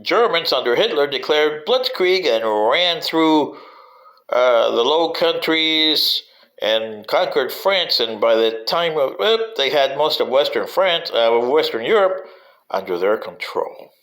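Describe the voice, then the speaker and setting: A man's voice: on the high side, expressive, takes it slowly, a bit bright, poor audio. A man giving a rambling spoken history commentary, digressive and wry, sometimes addressing politicians directly.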